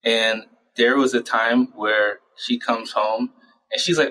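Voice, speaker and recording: A man speaking as a child psychiatrist in an interview, explaining his work in a lively way and acting out parents and teens in short quoted asides. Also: medium pitch, poor audio. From United States. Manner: animated, acts out parents and patients in quick quoted asides. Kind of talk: conversational interview answers.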